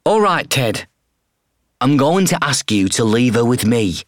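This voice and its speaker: A man voicing a brisk, gentle young woman veterinarian with a northern English accent, speaking softly and calmly in an audiobook. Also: medium pitch, no room sound, studio quality, voice pushed up.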